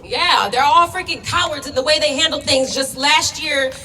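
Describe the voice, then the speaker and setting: A woman's voice: high-pitched, normal speed, bright, forceful tone. Young woman speaking out at a protest. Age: young adult. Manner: emotional, worked up, blunt. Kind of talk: impassioned rally speech. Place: outdoor protest. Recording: distant, echoey, faint noise.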